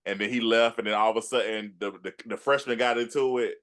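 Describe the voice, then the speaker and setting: A man's voice: lowish voice, fairly even intonation, quick pace, a bit bright. A man hosting an interview show, reminiscing in an easygoing, rambling way. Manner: easygoing, rambling with fillers and restarts. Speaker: podcast host. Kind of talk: casual interview chat.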